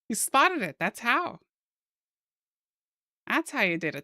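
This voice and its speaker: A young American woman streaming while she draws, chatting casually with her viewers in a soft-spoken, giggly way. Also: a little high, lively intonation, unhurried, no echo, clean studio sound. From United States.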